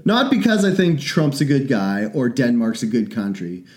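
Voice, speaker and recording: A man with a mid-pitched voice in a casual podcast conversation. He rambles through his opinions, restarts his sentences and swears often. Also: big pitch swings, moderate pace, a little mellow. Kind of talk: casual chat.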